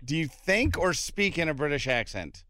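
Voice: mid-range voice, sing-song, normal speed, pushed and bright, no echo. A morning radio show host taking calls and joking playfully with co-hosts in a studio. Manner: playful, jokes in mock British voice. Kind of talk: morning radio call-in banter. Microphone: studio mic.

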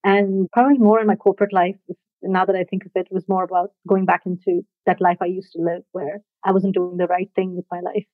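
A woman recounts a personal story in a relaxed, reflective way, pausing and laughing softly between thoughts. Her voice comes through thin and phone-like. The sound is dry and close, with no room around it. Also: lowish voice, dry recording.

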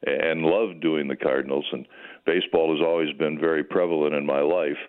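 An older man, a retired sports broadcaster, calling in by phone and reminiscing in a folksy, chatty way. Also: sits low. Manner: folksy, chatty, many fillers and restarts. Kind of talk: reminiscing interview answers. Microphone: telephone. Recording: tinny phone line.

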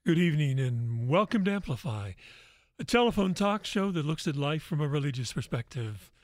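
A man who is a priest and hosts a radio talk show, telling a faith story in a gentle, measured way. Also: a little high, big pitch swings, no room sound, studio quality.

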